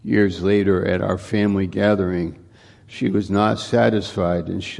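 A male pastor preaching a sermon, unhurried and often repeating or restarting his words. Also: low voice, creaky, mellow.

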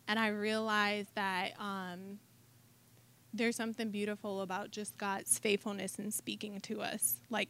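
A woman's voice: mid-range voice, fairly bright tone. A woman earnestly sharing reflections in a casual group discussion. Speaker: group member commenting.

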